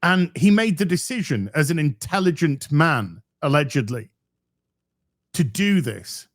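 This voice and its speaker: A man ranting as a guest on a casual live stream, his pitch rising and falling in lively swings. He presses hard on his points and swears freely. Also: measured pace, no echo, clean studio sound. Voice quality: heated, swearing, emphatic. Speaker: guest commentator.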